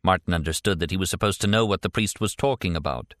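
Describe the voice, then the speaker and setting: A man reads an audiobook with measured, even narration. His voice sits on the low side and the recording is close and dry, with no room sound. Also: no room sound. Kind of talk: scripted narration.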